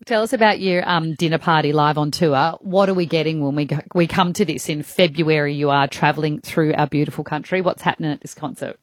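Australian woman radio co-host, lower voice, close dry sound, playful. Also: a little fast, hardly any pauses, dry recording. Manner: chatty, playful questions. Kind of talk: radio interview.

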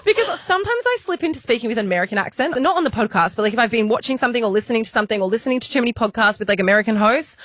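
A woman's voice: on the high side, lively intonation, rapid-fire, hardly any pauses, fairly bright tone, no room sound. A woman co-hosting a podcast, chatty and self-deprecating, often laughing. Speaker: podcast co-host. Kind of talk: casual chat.

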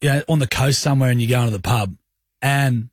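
A man's voice: medium pitch, fairly quick, slightly rough, no room sound, clean studio sound. An Australian man in his thirties co-hosting an afternoon radio show, joking and slangy in casual banter. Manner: joking, laid-back, slangy. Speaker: radio co-host. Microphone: studio broadcast mic.

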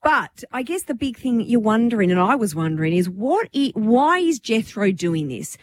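A woman co-hosts a casual radio chat. She tells gossip with a chatty storyteller's flair. Her pitch moves in a lively, animated way. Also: moderate pace, a little hiss or hum. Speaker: radio host.

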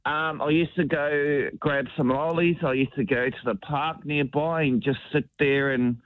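A man's voice: fairly high pitch, fairly even intonation, unhurried, no room sound. A man from New Zealand calling in to a radio show, telling stories in a casual, easygoing way. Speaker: caller. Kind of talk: phone-in chat. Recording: tinny phone line.

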